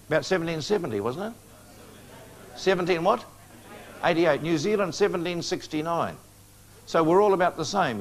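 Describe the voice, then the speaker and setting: Slightly high-voiced man preaching to a crowd. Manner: coaxes the audience with questions and joking asides. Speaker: preacher lecturing on prophecy. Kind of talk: lecture to a live audience.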